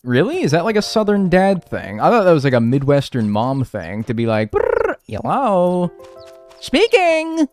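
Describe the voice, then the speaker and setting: Talking fairly quickly with hardly any pauses, the streamer sounds animated yet a little mellow in his mid-range voice, soft music underneath. He's a man in his twenties gaming and reading chat, cursing casually, wandering off topic, and mumbling as his thoughts trail away.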